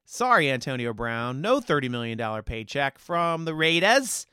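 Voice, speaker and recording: Guy ranting on his sports podcast, smooth clear voice, dry close sound. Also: medium pitch, sing-song, normal speed, sharp tone, dry recording. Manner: opinionated, heated, mocking. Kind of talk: casual sports commentary.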